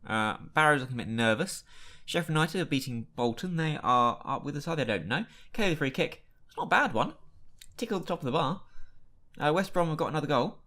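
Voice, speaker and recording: A man's voice: a little high, animated, quick pace. A man casually commentating his own football management game, chatty and given to exasperated outbursts at what happens. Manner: chatty, reacts loudly to match events with exasperated outbursts. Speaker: gaming YouTuber. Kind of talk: casual Let's Play commentary.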